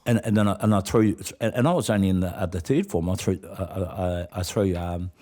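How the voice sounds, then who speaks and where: A man's voice: sits low, steady tone, fairly quick, warm tone. A man, a guest telling rambling stories in a casual interview, with many restarts.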